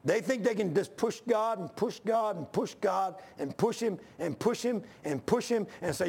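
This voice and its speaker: Man preaching a sermon, high voice with gravelly fry, folksy storyteller. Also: lively intonation, moderate pace, darkish tone. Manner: folksy storytelling, reading scripture aloud.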